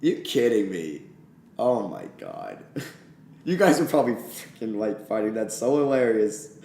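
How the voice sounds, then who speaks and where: An excitable man reacting live on stream, his voice swinging wildly up and down as he gets worked up. He talks emotionally and swears when he's upset. He sounds like he's in an echoey room. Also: lowish voice, measured pace, gravelly.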